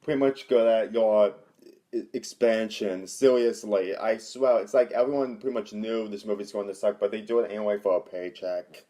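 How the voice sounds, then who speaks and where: Low-voiced man reacting casually. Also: fairly even intonation, normal speed, dark tone. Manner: groaning, disbelieving. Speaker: co-host reacting.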